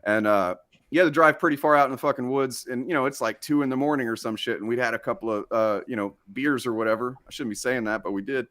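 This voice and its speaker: Fast-talking man from South Texas, rambling. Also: medium pitch, fairly bright tone, no room sound, clean studio sound. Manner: rambling, profane, many fillers. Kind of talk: casual storytelling chat.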